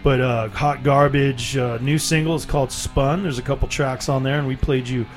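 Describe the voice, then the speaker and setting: Male radio co-host, relaxed and rambling, mid pitch, soft music underneath. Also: normal speed. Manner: laid-back, rambling, self-deprecating. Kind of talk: casual radio banter.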